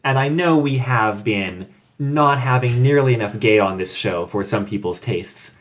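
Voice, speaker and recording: A man hosts a casual podcast, his voice mid-pitched and even. He keeps a dry, deadpan manner. He reads out credits and links in a plain, relaxed way. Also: measured pace. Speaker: podcast host.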